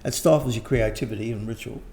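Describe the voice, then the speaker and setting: Older man, gravelly, dark tone, rambling interview talk, faint background hiss. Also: medium pitch, fast talker. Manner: rambling, frequent restarts and throat clearing. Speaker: interviewed teacher. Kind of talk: casual conversation.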